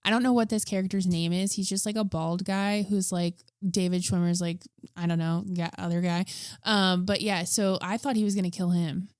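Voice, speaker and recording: A woman co-hosting a podcast, chatty and quick, peppering a casual movie recap with "like.". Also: fairly low pitch, steady tone, darkish tone, clear, resonant tone, no room sound, studio quality. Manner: chatty, quick, heavy filler "like". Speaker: podcast co-host.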